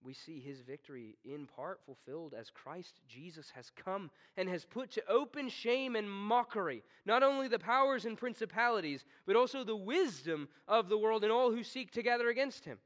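High-voiced man preaching a dynamic sermon. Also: lively intonation, moderate pace, hardly any pauses. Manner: dynamic preaching, dropping to hushed tones then rising to stern commands. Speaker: pastor.

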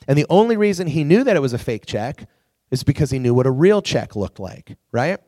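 A man's voice: fairly high pitch, a little fast, no echo, studio quality. A man preaching to a youth group, telling stories animatedly and acting out quotes. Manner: animated storytelling with acted-out quotes. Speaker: youth pastor.

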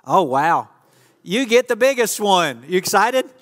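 A man's voice: high-pitched, big pitch swings, unhurried, a bit bright. A man preaching an interactive sermon from a church stage, talking casually and joking with volunteers. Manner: playful, joking with the audience. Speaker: pastor. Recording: long reverb of a church hall.

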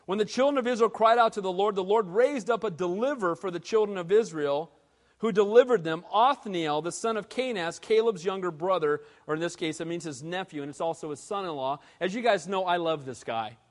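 Pastor guy preaching, high voice, goes loud then real quiet, long echo in the church. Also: a little fast. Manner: animated preaching, swinging from loud to hushed. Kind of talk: sermon. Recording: long hall reverb.

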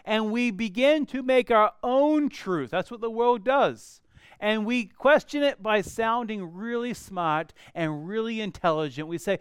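A man's voice: high voice, unhurried, clear, resonant tone, no room sound, studio quality. A man preaching a sermon in an earnest, questioning way, driving his point home with repeated rhetorical questions. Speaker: pastor.

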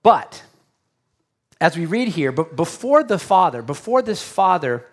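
Dynamic male preacher, fairly high voice. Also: very animated, a little slow. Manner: dynamic, swings from loud emphasis to near-whisper; acts out quoted voices. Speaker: pastor. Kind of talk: sermon.

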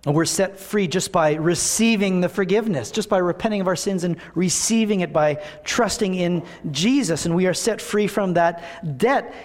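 High-voiced pastor preaching in a church hall. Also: male voice, fairly quick. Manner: conversational, animated, rhetorical questions. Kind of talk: sermon. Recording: long reverb of a church hall.

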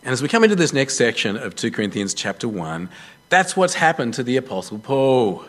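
Animated man preaching a sermon. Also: medium pitch, a little fast. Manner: animated storytelling with self-deprecating jokes. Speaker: pastor.

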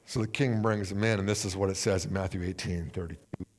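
A man preaching a sermon, telling a parable with animated storytelling and acting out the characters' voices. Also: fast talker, long reverb tail. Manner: animated storytelling, acting out characters with big swings in pitch and volume. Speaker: pastor.

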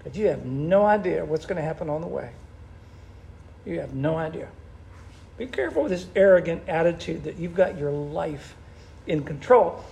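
A man preaching a sermon in an animated, conversational way, with a gravelly voice. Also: fairly high pitch, normal speed, long pauses. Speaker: pastor.

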